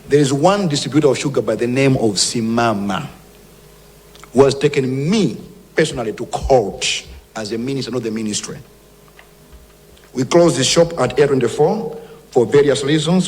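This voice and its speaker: A Malawian man speaks as a government minister, firm and emphatic as he lays out warnings. His voice sits in an ordinary middle pitch. It rings with a long reverb, like a large hall. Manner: emphatic, forceful warnings, switching between English and Chichewa. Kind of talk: public speech to press.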